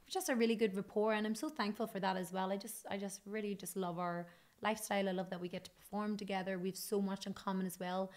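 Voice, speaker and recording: A woman from Ireland with an Irish accent, talking as a guest in a casual interview, chatty and animated. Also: mid-range voice, fast talker. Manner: chatty and animated, many restarts and "you know". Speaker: guest, country singer.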